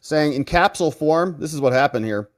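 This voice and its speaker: A man's voice: fairly high pitch, brisk. A man hosting legal news commentary as a lawyer, talking in a sarcastic, mocking and emphatic way. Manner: emphatic, animated delivery.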